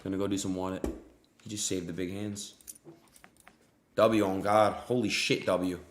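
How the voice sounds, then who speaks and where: Young male streamer, casual and crude, lower register, volatile delivery, echoey room sound. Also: little pitch movement, unhurried. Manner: profane, swings from yelling to muttering. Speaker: live streamer. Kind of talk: live-streamed gambling commentary. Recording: roomy echo.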